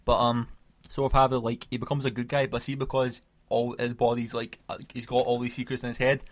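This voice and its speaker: A man's voice: medium pitch, flat delivery, a little fast. A man co-hosting a comic podcast, chatting casually, rambling and laughing as he spins out comic tangents. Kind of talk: casual chat.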